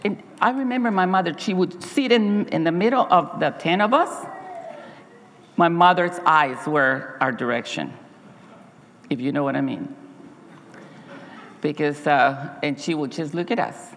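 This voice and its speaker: A woman's voice: low voice, unhurried, pauses often, in a large hall, a little hiss or hum. A woman Sabbath school teacher giving an earnest, heartfelt personal testimony to her church congregation, often restarting her sentences.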